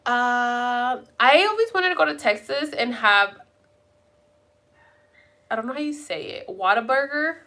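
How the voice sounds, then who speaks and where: A young woman talks casually to her live viewers from home. Her voice is bright and sits a little high. She rambles from one thought to the next and swears offhandedly. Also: expressive, slow pace, long pauses. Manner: rambling, chatty, casually profane. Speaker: live streamer chatting with viewers. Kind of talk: casual chat.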